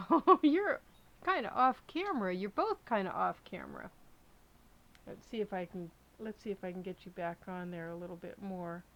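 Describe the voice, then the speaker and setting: A woman live streamer chatting casually to her dogs and viewers in a small room at home. She coaxes the dogs and drops to a soft hush when she praises them. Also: mid-range voice, lively intonation, moderate pace. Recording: dull lo-fi stream audio.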